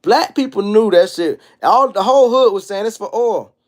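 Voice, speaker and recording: A man in his thirties hosting a casual livestream monologue, telling stories in an animated, profane street style. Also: high voice, moderate pace. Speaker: livestream host.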